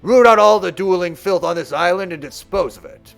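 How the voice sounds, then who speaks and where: A man's voice: high-pitched, a little fast, creaky, fairly bright tone, soft background music. A man voicing a mean, hulking male tournament bully who taunts and gloats. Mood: taunting.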